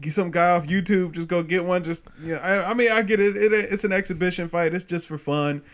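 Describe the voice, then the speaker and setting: A man co-hosting a podcast, chatting casually about sports with animated trash talk and frequent laughter. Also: sits high, fairly quick. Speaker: podcast co-host. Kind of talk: casual chat.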